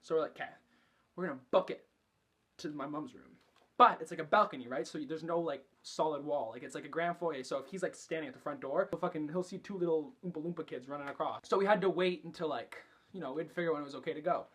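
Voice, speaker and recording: A man's voice: fairly high pitch, quick pace, fairly bright tone, breathy edge. A young man vlogging, telling a story casually and chattily, swearing a lot and filling every sentence with fillers. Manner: chatty, profane, filler-heavy.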